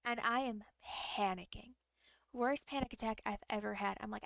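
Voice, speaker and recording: A young woman streamer telling a long story in a rambling, halting way, often restarting her sentences. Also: a little high, gravelly, fairly bright tone, dry recording. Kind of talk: casual storytelling to a live stream.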